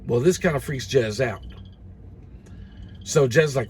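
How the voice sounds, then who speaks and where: A man's voice: mid-range voice, a little slow, pauses often, a little hiss or hum. A man retelling a story in casual, rambling speech, full of fillers like "you know" and "and everything.".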